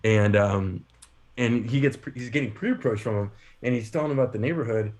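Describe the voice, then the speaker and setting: A man trading stories on a podcast, animated and quick to laugh, his voice at an ordinary middle pitch. He rambles with fillers and restarts as he builds up to each punchline. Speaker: podcast co-host. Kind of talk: casual storytelling.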